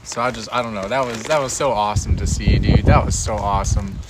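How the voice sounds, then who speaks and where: A man's voice: lowish voice, quick pace, very noisy. A young man hosting a casual chat stream, telling a story with frequent laughter and lots of dude and bro. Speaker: livestream host.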